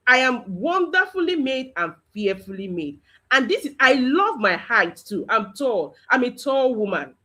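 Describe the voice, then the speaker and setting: A Nigerian woman in middle age teaches children over a livestream. Her voice sits fairly high and swings widely. She drives points home with emphatic repetition. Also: fairly bright tone. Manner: emphatic, repeats lines for children to echo. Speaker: kids coach. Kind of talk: livestreamed motivational talk to children.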